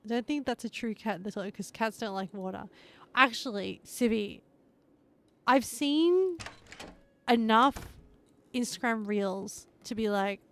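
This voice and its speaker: A woman streamer chatting casually with her live audience, laughing easily as she goes. Her voice sits a little high, and she talks at an unhurried, slow pace.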